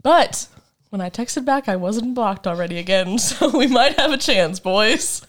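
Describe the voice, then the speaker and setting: A woman's voice: fairly high pitch, lively intonation, measured pace. A woman in her twenties chatting casually as a podcast co-host, telling a rambling, dramatic story full of laughs. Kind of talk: casual chat.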